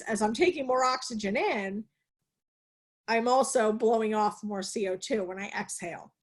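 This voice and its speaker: A woman nursing instructor giving a live online lecture over a video call, energetic and teacherly, asking questions and answering them herself. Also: fairly high pitch.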